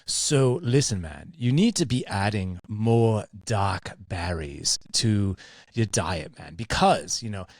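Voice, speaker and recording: A man's voice: on the low side, animated, slow pace, no room sound, clean studio sound, exaggerated voice. A man putting on a poor imitation of a laid-back New Zealand friend giving diet advice. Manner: exaggerated, self-admittedly bad accent impression.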